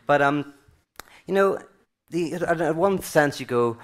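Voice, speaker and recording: A man's voice: fairly high pitch, expressive, a little slow. Rambling, conversational male speaker. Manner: loose and conversational, many fillers, acts out quoted voices. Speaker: speaker at a weekend event. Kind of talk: casual conference talk.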